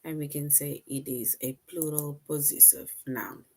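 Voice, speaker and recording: Woman teacher going over grammar, slow and patient, kinda low voice. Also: steady tone, dark tone. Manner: slow, patient, reads sentences aloud then quizzes. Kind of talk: online grammar lesson.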